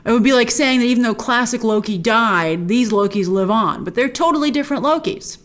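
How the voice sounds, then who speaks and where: A woman's voice: on the high side, animated, a little fast, a bit bright. A woman hosting a TV episode recap, talking with gushing enthusiasm and retelling scenes in a chatty, casual way. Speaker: host.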